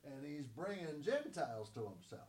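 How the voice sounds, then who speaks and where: A man's voice: on the high side, very animated, normal speed, a little mellow, husky. A man teaching from the Bible, stressing key words by repeating them and answering his own questions.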